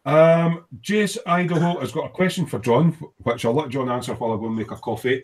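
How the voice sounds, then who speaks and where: A man's voice: medium pitch, fast, few pauses. A man hosting a casual live stream, chatting and reading out viewer comments. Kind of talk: casual chat.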